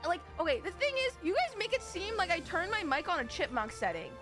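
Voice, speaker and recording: A giggly young woman streamer chats with her viewers in a very high, squeaky voice that leaps up and down. She talks into a desk mic at home, swearing freely as she laughs along. Game music plays clearly behind her. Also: sing-song, fairly quick. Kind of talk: casual live-stream chat with viewers.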